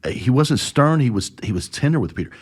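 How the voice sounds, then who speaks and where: A man hosting a church podcast, retelling a Bible story in a lively, conversational way and acting out the dialogue. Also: fast, slightly rough. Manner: animated retelling, acts out dialogue with lively pitch jumps.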